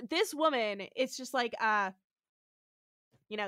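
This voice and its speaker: Studio-quality audio with no room sound captures a young woman podcast co-host with a slightly high voice, speaking unhurriedly with long pauses. She recaps a show in casual conversation, performing characters' quotes with animation and frequent laughter.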